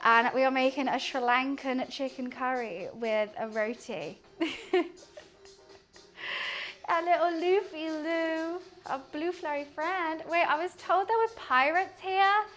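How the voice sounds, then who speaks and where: Young British woman, live streamer; high voice, loose and chatty, curses casually while cooking. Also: takes it slowly, a bit bright, soft background music. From United Kingdom. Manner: chatty, laughs often, swears casually.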